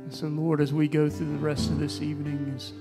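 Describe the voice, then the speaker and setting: A man, a worship leader, praying gently and earnestly over guitar playing. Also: fairly high pitch, completely flat delivery, a little fast. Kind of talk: spoken prayer over guitar. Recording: loud guitar behind the voice.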